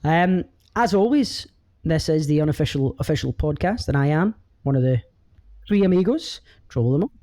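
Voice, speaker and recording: A man's voice: fairly high pitch, animated, moderate pace, mellow. A man with a Scottish accent hosting a casual podcast, joking around, swearing and laughing often. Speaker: podcast host.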